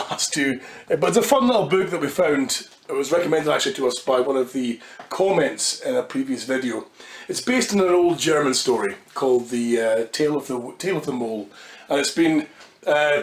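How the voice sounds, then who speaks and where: Casting: Scottish Highland man, relaxed jokey storyteller, slightly high voice, reading at home. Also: husky. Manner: easygoing, jokey, chatty asides. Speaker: host reading a children's book. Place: kitchen at home, indoors.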